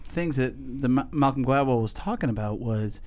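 A man's voice: mid-range voice, normal speed, a little mellow. Male co-host from New England, casual, profane, rambling storyteller. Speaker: podcast co-host, cigar shop worker. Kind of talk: casual chat.

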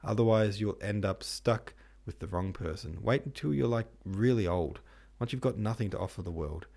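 A man's voice: lowish voice, normal speed, vocal fry, a little mellow. A man voicing a curt, irritable young prince who swears casually. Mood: bitter.

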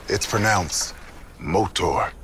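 Man putting on a deep, slow announcer voice. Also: animated, fairly bright tone, slight background noise, exaggerated voice. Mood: mock-grand.

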